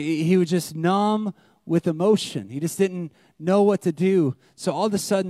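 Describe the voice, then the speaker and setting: A young man preaching a sermon as pastor, animated, swinging between loud emphasis and hushed, intimate lines. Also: a little high, no room sound, clean studio sound.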